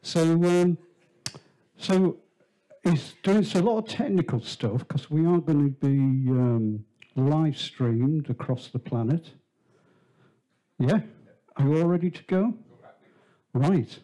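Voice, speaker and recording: A man with a mellow, relaxed voice warms up a small theatre crowd. He chats and teases, spinning a long joke about the performer. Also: fairly high pitch, slow pace, pauses often. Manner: chatty, teasing, tells a shaggy-dog joke. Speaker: venue host introducing the performer. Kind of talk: joking live introduction. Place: small theatre, live audience.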